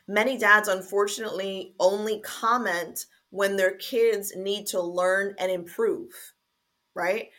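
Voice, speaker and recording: A woman hosting a faith-based podcast, talking earnestly and deliberately to fathers, with some fillers and restarts. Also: mid-range voice, a bit bright. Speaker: podcast host.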